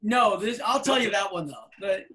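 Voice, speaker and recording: A man in his fifties, a podcast co-host, telling anecdotes in a casual, animated way with plenty of fillers. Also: high-pitched, moderate pace. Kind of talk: casual storytelling chat.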